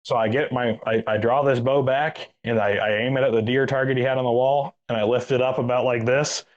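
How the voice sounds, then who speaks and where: In a relaxed chat, a guest who is a retired Army master sergeant spins a meandering story, his Central Texas accent coming through as he keeps saying "dude" and "man." He speaks a little fast at medium pitch in a steady tone, and the highs in the audio are cut off.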